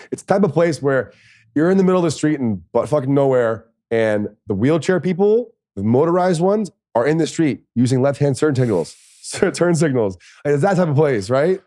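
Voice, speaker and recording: A man's voice: fairly high pitch, animated, normal speed, dry recording, studio quality. A man, a former pro football player, tells a candid, profane personal story in a podcast interview, and he is tearful at times. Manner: candid and profane, with laughs and soft, choked passages.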